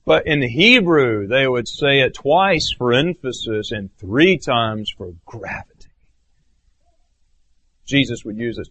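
A man preaching a sermon as pastor, earnest, swinging between raised emphatic phrases and low hushed ones. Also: big pitch swings, slow pace, breathy edge.

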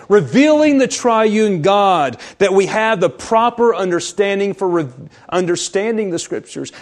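A man preaching a sermon in an emphatic, repetitive way, slowing on key phrases and dropping to a near-whisper for stress. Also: sits high, a little mellow.

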